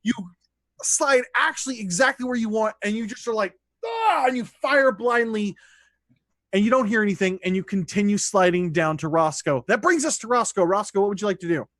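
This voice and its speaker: A man's voice: high voice, brisk, fairly bright tone, dry recording, clean studio sound. A man running a tabletop game as dungeon master, narrating loosely with restarts. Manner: loose, conversational rulings with restarts.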